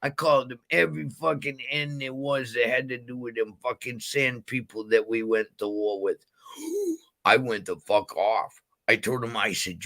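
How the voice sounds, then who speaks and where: A man's voice: medium pitch, animated, normal speed, bright, forceful tone. A man ranting and telling stories in casual chat, profane and rambling, heated at times. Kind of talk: casual storytelling rant.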